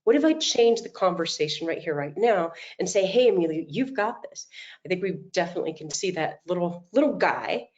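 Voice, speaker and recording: A middle-aged woman coach speaks in a fairly low voice, telling stories with lively energy. The sound is dull and lo-fi, like video call audio. She often acts out what people said. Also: a little fast, hardly any pauses. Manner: animated storytelling, acts out quotes. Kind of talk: motivational talk.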